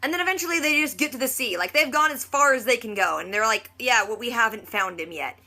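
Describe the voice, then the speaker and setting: A woman recapping a TV episode in a casual, chatty vlog, acting out quotes in quick little voices. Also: fairly high pitch, expressive, sharp tone. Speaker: reaction vlogger.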